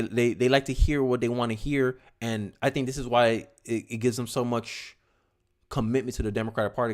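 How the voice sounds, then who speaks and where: Speaking in a mid-range voice, a young man offers animated, informal political commentary on his personal stream. He drops in fast asides and tends to repeat himself when he gets rolling.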